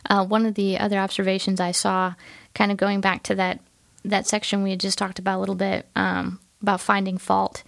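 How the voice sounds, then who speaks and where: A woman's voice: medium pitch, monotone, a little fast, gravelly, no echo. A woman, a pastor co-hosting a podcast, sharing earnest and enthusiastic thoughts on a Bible passage in casual conversation.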